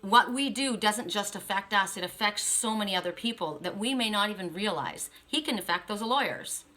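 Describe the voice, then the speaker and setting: A woman's voice: mid-range voice, expressive, normal speed, sharp tone, faint music behind. A woman doing a casual spiritual card reading, chatty and emphatic, often checking in with "right?". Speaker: tarot card reader.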